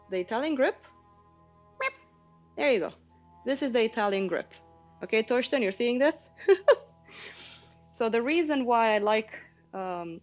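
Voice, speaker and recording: A woman in her thirties teaching drawing on a casual livestream, chatty and explanatory, talking to viewers in the chat. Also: medium pitch. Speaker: art teacher streaming a painting session. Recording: slightly muffled stream with faint music.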